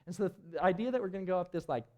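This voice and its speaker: At a climbing event, a young presenter talks very fast in a high, warm voice with lively intonation. Before a live auditorium audience he rambles through a climbing story, laughing and using plenty of filler words.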